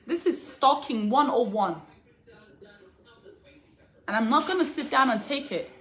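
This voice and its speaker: A woman's voice: high-pitched, animated, unhurried, a bit bright. Indignant young woman from Africa. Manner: indignant, repetitive, rising to defiant outbursts. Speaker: vlogger. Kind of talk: emotional direct-to-camera vlog.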